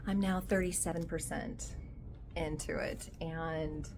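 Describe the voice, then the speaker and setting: A woman talking casually in a book vlog, excitable and giggly, with many fillers between her thoughts. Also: mid-range voice, measured pace, background noise. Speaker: book vlogger.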